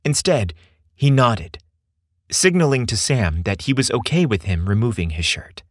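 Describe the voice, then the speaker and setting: A man narrating a scripted story with expressive delivery. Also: mid-range voice, moderate pace, no room sound, studio quality.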